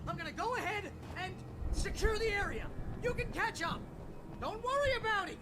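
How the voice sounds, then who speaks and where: Brash New sidekick, very high, yelling, overexcited, loud game noise behind. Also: male voice, expressive, moderate pace. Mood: excited. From New York City. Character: excitable brash male New York sidekick. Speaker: sidekick character in a video game.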